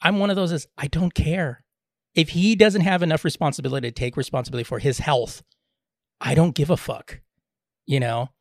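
A man's voice: a little high, a little fast, gravelly, dry recording. Podcast co-host, male, blunt and rambling, dry close-miked sound. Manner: rambling, blunt, many restarts. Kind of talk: casual chat.

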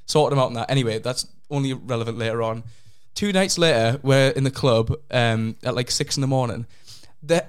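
A young man, telling a rambling story on a casual podcast, his voice jumping up in pitch when he gets excited. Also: normal speed, hardly any pauses, clean tone. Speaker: podcast co-host. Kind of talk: casual chat.

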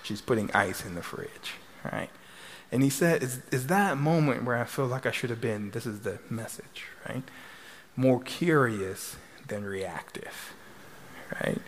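A man's voice: mid-range voice, normal speed, a little hiss or hum. A middle-aged man, a couples therapist speaking to a live audience in a chatty way, tagging sentences with "right?". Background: audience laughter.

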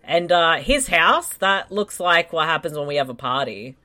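A woman's voice: deep voice, normal speed. A woman with a British accent co-hosting a podcast, chatting casually and laughing as she reacts to a movie. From Britain. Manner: laughing, swearing, animated. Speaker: podcast co-host. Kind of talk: casual movie-watching chat.

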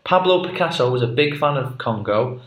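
A man's voice: medium pitch, expressive, fairly quick. Guy rambling thru a podcast bit, jokey, lots of ums, roomy sound. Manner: rambling, jokey, many fillers. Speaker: podcast co-host. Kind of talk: casual chat. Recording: echoey room.

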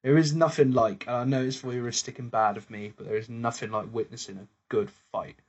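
A man's voice: medium pitch, steady tone, brisk, darkish tone, muffled recording. A man co-hosting a casual pub podcast, telling a story animatedly, laughing and swearing often. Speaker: podcast co-host.

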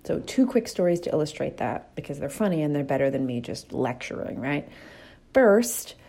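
A woman's voice: low-pitched, sing-song, normal speed, warm tone. A woman hosting a reflective motivational talk, telling candid stories with a casual, storytelling manner and the odd swear word.

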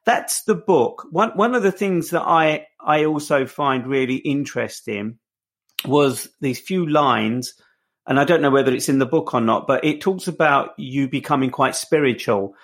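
A man's voice: medium pitch, normal speed. A man hosting an interview who asks long, winding questions, often stumbling and restarting his phrases. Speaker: interviewer, host.

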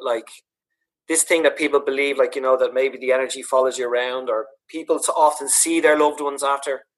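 Comedian, man, husky voice, chatty, animated storyteller. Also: on the high side. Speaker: podcast co-host, comedian. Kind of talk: casual chat.

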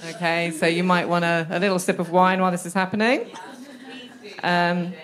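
Woman host moving the show along, low-ish voice, teasing announcer manner. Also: fairly even intonation, moderate pace. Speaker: podcast co-host. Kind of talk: live podcast hosting. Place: live event in a shop.

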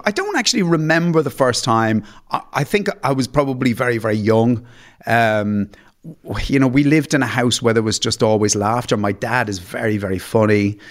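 A man recounts funny family stories as a podcast guest. His delivery is self-deprecating and full of stammered restarts. His voice sits at a middling pitch for a man. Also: sing-song, normal speed. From Ireland. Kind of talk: anecdotal storytelling.

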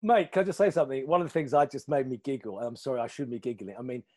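A man's voice: medium pitch, rapid-fire, darkish tone. A man hosting a podcast, asking questions in a friendly, chatty way, often stumbling and repeating words. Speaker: podcast host. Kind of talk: casual interview.

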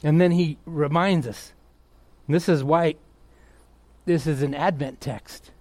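A middle-aged male pastor preaching a sermon, excitable, bursting into yelling and then dropping back to a quiet, close tone. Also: fairly high pitch, a little slow, dry recording.

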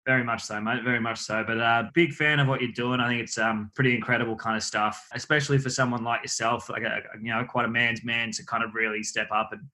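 A man's voice: mid-range voice, flat delivery, quick pace, hardly any pauses, bright, forceful tone. An Australian man from country Victoria, a guest on a podcast, talking in a laid-back, joking way. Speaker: guest, photographer. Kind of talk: podcast interview.

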